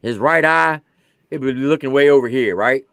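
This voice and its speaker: A man in his forties, an army veteran, telling a profane comic story with animated swings between low asides and loud punchlines. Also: normal speed, gravelly, slight background noise.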